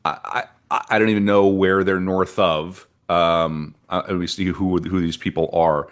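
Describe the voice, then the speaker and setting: Deep-voiced man chatting history. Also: fairly even intonation, unhurried. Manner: chatty and rambling, reads from notes, breaks off into asides. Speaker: podcast co-host presenting the history. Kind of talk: casual history podcast narration.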